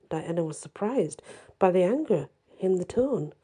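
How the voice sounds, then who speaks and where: A woman narrates a dark fairy tale in a measured, somber way. Her voice is low-pitched and mellow, with a breathy, husky grain. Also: expressive. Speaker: storyteller.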